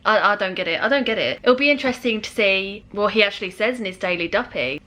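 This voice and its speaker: Girl chatting thru a reaction vid, bright voice, laughs a lot. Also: medium pitch, animated. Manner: chatty, pauses the track to comment, laughs often. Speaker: reaction video host. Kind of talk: casual reaction commentary.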